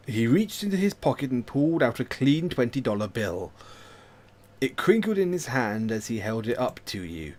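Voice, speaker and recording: A man streaming himself reading a story game aloud, narrating in an expressive way with self-mocking asides. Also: medium pitch, normal speed.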